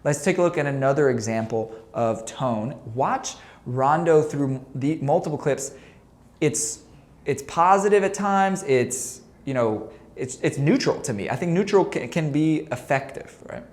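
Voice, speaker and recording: A basketball coach teaches a lesson playfully to camera, quizzing the viewer and answering with jokes. When he acts out shouted examples his animated, slightly slow voice leaps high.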